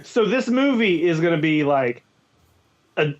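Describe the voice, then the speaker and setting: A man co-hosting a podcast in casual banter, laid-back and deadpan. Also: fairly high pitch, a little slow, lo-fi sound. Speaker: podcast co-host.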